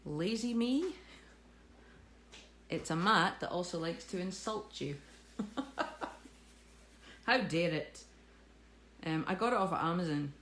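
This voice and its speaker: A woman with a lower voice runs a live cake tutorial, chatting and joking at her own expense as she works. Her voice rings in a roomy studio with faint ambience in the background. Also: animated, slow, long pauses, fairly bright tone, slight background noise. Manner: jokey, self-mocking, chatty. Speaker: cake decorating instructor. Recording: echoey room with faint ambience.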